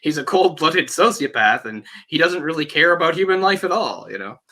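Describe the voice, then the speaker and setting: A man's voice: on the high side, a little fast. A man hosting a podcast, talking casually and animatedly about a film and acting out lines from it. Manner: animated, acts out quoted lines. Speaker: podcast host.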